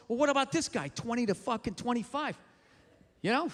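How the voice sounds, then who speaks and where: A man doing a stand-up comedy set on stage, ranting and swearing with loud shouted bursts, recorded live in a theater. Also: extremely high pitch, lively intonation, brisk. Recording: live in a theater with long reverb and faint crowd noise.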